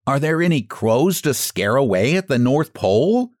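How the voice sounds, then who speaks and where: A timid, teary scarecrow speaks in a high, slow, pleading voice, as a man reading the story puts him on. He sounds anxious to be useful, and his voice rises and falls a lot. The sound is close and dry. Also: sing-song, darkish tone, no room sound, lightly acted. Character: sobbing timid male scarecrow, eager to be useful.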